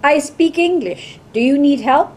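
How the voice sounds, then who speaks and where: A woman's voice: fairly high pitch, moderate pace, mellow, lightly acted. A woman reading the lines of a guarded young Iraqi woman who speaks formally and earnestly.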